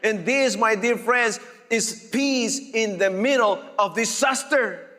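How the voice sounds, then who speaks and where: Pastor guy preaching slow, emphatic, repeats himself, big hall echo. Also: high voice, pushed and bright, faint music behind. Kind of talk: sermon.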